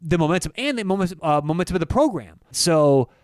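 Man, co-host, betting talk, slightly high voice, emphatic, animated, dry close mic. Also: fast, dry recording. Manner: animated, emphatic, restarts, swears casually. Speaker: podcast co-host, sports bettor. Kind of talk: casual sports betting chat.

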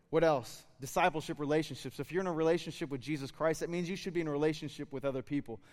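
A man's voice: medium pitch, a little mellow, in a large hall. Man preaching a conversational sermon. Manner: conversational, building to fervent exhortation. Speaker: pastor.

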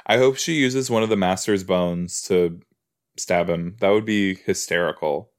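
A man casually reacting to a TV episode as a podcast host, rambling and excitable, often cutting himself off mid-thought. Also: low voice, measured pace. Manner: rambling, excitable, self-interrupting.

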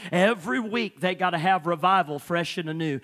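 Pastor, man, high ringing voice, fervent sermon with constant "uh" fillers. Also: a little fast, fairly bright tone. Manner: fervent preaching, every phrase opened with "uh".

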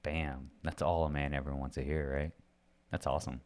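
A man with an extremely deep voice hosts a relaxed conversation. He chimes in with brief affirmations and asks follow-up questions. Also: normal speed. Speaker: interviewer, host. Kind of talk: casual interview.

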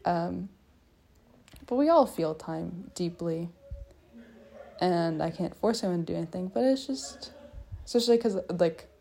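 A woman's voice: on the low side, animated, measured pace, vocal fry, long pauses, warm tone, a little hiss or hum. A young woman rambling through a personal monologue, musing and self-mocking as she talks in loose circles. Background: people faintly heard in the hallway.

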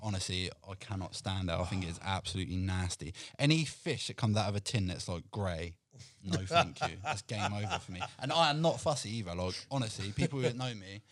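A man with a fairly low voice holds forth in a relaxed podcast chat. He tells stories with energy and gives firm opinions. The sound is dry and close to the mic, with no room around it. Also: brisk, hardly any pauses, dry recording. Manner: animated storyteller, strong opinions on food. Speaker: guest cook.

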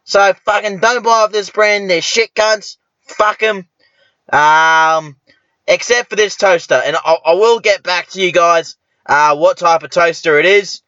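A man's voice: sits high, a little slow, pushed and bright, no echo, lo-fi sound. A young man hosting a podcast, rambling and swearing constantly, now and then flaring into angry rants. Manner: foul-mouthed, rambling, flares into ranting. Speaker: podcast host. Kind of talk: crude comedic monologue.

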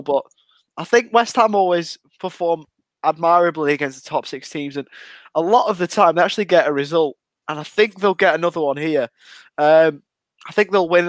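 A man's voice: fairly high pitch, no room sound. A man on a podcast panel explaining his picks at length, with plenty of fillers. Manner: talks at length, with many fillers. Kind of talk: casual chat.

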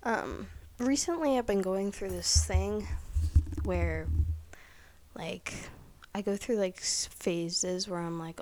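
A woman's voice: fairly low pitch, takes it slowly, darkish tone. Rambling young woman chatting solo. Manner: rambling, lots of "like", swears freely. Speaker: podcast host. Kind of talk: casual solo chat.

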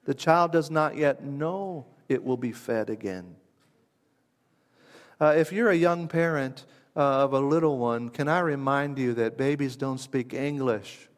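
A man's voice: medium pitch, measured pace. Reflective male preacher in a reverberant hall. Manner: conversational, reflective, with wide shifts from hushed to emphatic. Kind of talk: sermon.

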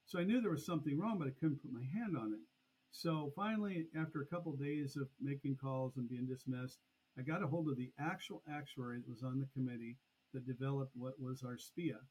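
Husky-voiced man telling a story. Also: mid-range voice, brisk, rough recording. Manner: animated, acts out past conversations. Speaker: podcast guest, annuity expert. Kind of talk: conversational storytelling.

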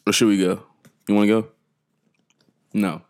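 A man with a somewhat low voice hosts a casual podcast. He rambles from one thought to the next, jokes constantly and breaks into laughter. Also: level tone, normal speed, a little mellow, clear, resonant tone. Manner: joking, laughing often, rambling. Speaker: podcast host.

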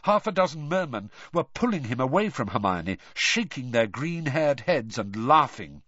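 A man reading a story aloud as narrator, measured and expressive. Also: medium pitch, no echo, highs cut off. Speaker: audiobook narrator. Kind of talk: scripted narration.

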